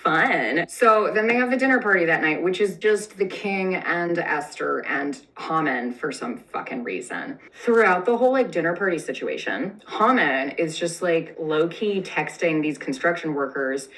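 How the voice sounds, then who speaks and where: A young woman with a low voice tells an old story for laughs, and she swears freely and sprinkles "like" through every line. Her tone is sarcastic and full of snarky asides. She sounds a little far from the mic. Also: animated, normal speed, few pauses, a bit bright. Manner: sarcastic, profane, valley-girl "like" filler, snarky asides. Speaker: comedic storyteller. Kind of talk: casual comedic retelling.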